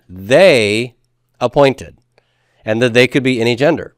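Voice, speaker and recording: A man's voice: mid-range voice, measured pace, dry recording, studio quality. Patient man lecturing on grammar. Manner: patient, step-by-step explaining, has the class repeat forms aloud. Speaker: Hebrew grammar teacher. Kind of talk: classroom lecture.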